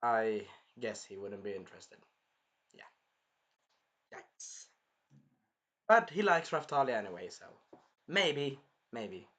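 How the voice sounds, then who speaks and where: A young man reviewing an anime episode in casual, animated chat, swearing freely as he talks. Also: mid-range voice, slow pace, pauses often. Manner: animated, swears, acts out scenes in funny voices.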